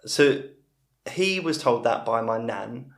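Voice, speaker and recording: A man's voice: medium pitch, expressive, slow pace, gravelly. Rambling man telling stories. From England. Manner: rambling storyteller with frequent restarts. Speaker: comedian guest. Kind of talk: casual anecdotal chat. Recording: roomy echo.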